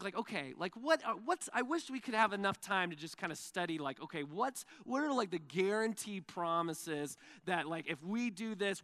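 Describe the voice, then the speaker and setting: A pastor delivers a sermon with a high, bright voice. He tells stories in a loose, animated way, full of fillers, and acts out what people said. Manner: animated storytelling with fillers and acted-out quotes.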